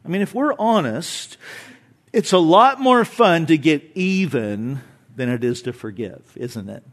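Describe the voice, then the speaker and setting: A man with a high voice preaches a sermon, talking to his congregation like a friend. He moves from loud, emphatic lines down to quiet, low asides, and throws in rhetorical questions and a bit of humor. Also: a little slow. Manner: animated, swings between loud emphasis and soft low asides. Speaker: pastor.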